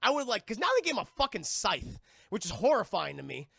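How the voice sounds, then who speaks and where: A man giving a casual live-stream spoiler review of a film, profane and animated, with many restarts. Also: high-pitched, fast, vocal fry, slightly rough, no echo, clean studio sound.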